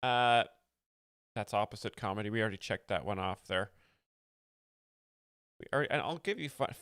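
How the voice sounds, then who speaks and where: Deadpan man explaining jokes, dry sound. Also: mid-range voice, no echo. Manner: mock-earnest, reading chat, many fillers. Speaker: host explaining jokes on a livestream. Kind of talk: deadpan satirical commentary.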